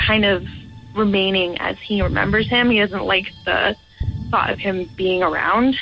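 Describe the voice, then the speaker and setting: A woman in her twenties, calling in to tell her own ghost story in an earnest, halting way with trailing restarts. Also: medium pitch, steady tone, vocal fry. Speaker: caller sharing a ghost story. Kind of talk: personal paranormal story told to a radio show. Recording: muffled lo-fi audio with faint music.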